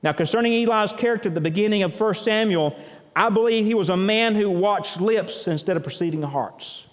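High-voiced preacher in a reverberant church. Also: male voice, brisk. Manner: conversational preaching, thinking aloud with repeated words. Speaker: pastor. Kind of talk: sermon. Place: church sanctuary. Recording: long reverb of a large church.

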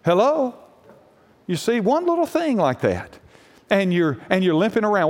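A man preaching a sermon as pastor, telling a personal story with lively energy and often asking the congregation questions. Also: high-pitched, normal speed, pauses often, big-room sound. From United States.

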